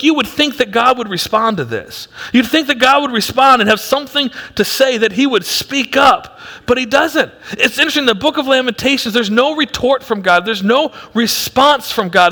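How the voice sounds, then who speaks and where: A male pastor preaching a sermon with emphatic delivery that swings from loud to hushed, in a church auditorium. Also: very high voice, animated, moderate pace. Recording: long hall reverb.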